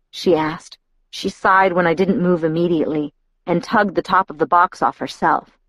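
A woman's voice: on the low side, fairly even intonation, normal speed, fairly bright tone, no room sound. A woman reading a novel aloud in the first person, reflective and inward. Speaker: audiobook narrator.

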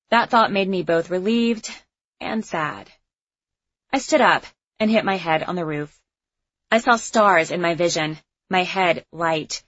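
A woman narrates a first-person story in an expressive, introspective way. Her voice sits a little low. The recording is dry and slightly dull, with no room sound. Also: no room sound. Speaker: audiobook narrator.

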